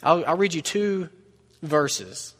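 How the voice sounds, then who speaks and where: A man preaching a sermon in a relaxed, conversational way, mixing humor and asides into the message. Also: fairly high pitch, slow. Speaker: pastor. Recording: long reverb of a large hall.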